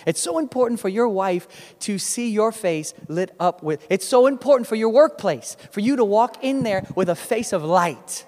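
Man, preacher, animated sermon, high-pitched, echoing hall. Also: normal speed. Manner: animated, emphatic storytelling. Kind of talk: sermon with storytelling.

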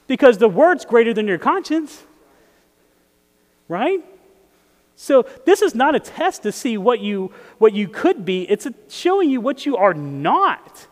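This pastor's extremely high voice makes big pitch swings as he preaches at a measured pace in a big-room acoustic. He talks conversationally and regularly asks the audience questions.

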